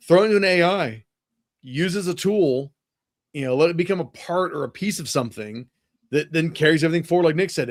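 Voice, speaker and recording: A man co-hosting a podcast in casual chat, animated and profane, with tumbling phrases. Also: fairly high pitch, no room sound, studio quality. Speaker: podcast co-host.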